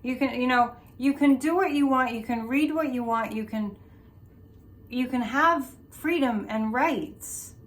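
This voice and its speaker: A woman with a high-pitched voice hosts a psychic show, talking at a measured pace. She chats loosely through a tarot reading, with lots of restarts and asides.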